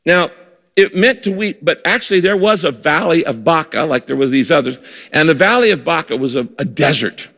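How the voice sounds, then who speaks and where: A man preaching a sermon to a congregation, emphatic, slowing down at times to drive home his points. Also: fairly high pitch, animated, creaky, fairly bright tone, in a large hall. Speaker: pastor.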